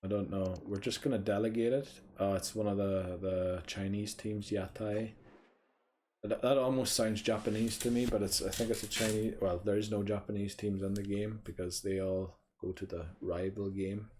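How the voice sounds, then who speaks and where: A man's voice: on the low side, fairly even intonation, normal speed, mellow, slight background noise. A young man in casual gameplay commentary, muttering to himself, thinking aloud and swearing mildly as he plays. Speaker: gaming streamer.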